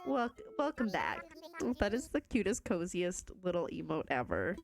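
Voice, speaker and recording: A woman's voice: on the low side, huge pitch swings, moderate pace, music in the background. Bubbly woman chatting on stream. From Canada. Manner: bubbly and chatty, reads and answers chat, self-teasing. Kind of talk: casual live-stream chat while playing a video game.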